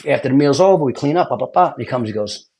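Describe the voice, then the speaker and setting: A retired fire lieutenant tells stories in a loose, animated way, swearing freely. His voice sits in an ordinary middle male pitch. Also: very fast. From Brooklyn, New York. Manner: animated, swearing, acts out quotes. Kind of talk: casual storytelling chat.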